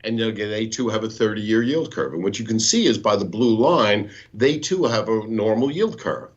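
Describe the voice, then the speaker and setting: A man's voice: fairly low pitch, expressive, moderate pace, muffled recording. A man, a bond market expert, explaining charts step by step in a patient, teacherly way over a remote call. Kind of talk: explaining charts in a live talk.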